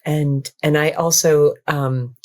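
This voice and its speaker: A woman guest on an interview podcast, speaking in a gentle, affirming way and repeating phrases for emphasis. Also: low-pitched, fairly even intonation, slow pace. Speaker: guest author.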